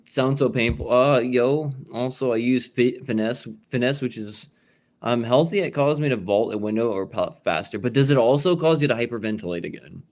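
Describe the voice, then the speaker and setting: A man's voice: medium pitch, moderate pace, a little mellow. A man streaming a casual chat from home, rambling with fillers and restarts and swearing now and then. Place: at home indoors.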